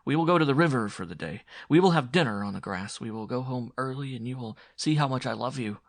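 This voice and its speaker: A man's voice: mid-range voice, quick pace, vocal fry, no room sound, clean studio sound, pitched above the performer's own voice, close to an everyday voice. A man voicing a feverish, lovesick dying young man who pleads breathlessly and fades into whispers in an audio drama. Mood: tender pleading. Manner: breathless, imploring, fading to a whisper.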